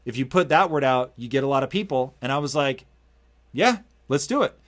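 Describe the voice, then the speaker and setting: Profane, energetic male storyteller. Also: mid-range voice, fast talker. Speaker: podcast host. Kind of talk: casual storytelling in an interview.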